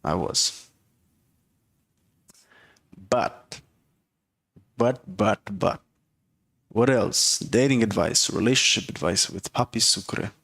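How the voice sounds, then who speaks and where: A man's voice: lowish voice, takes it slowly, creaky, long pauses, a bit bright, husky. A man hosting a casual comedic rant with dating advice, blunt and profane, who keeps driving his points home with "okay?". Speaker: host giving dating and relationship advice.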